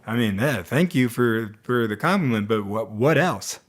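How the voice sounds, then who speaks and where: A man's voice: mid-range voice, animated, moderate pace, close to an everyday voice. A man voicing a young princess who presses her suitor with questions. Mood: insistent. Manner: insistent, pressing.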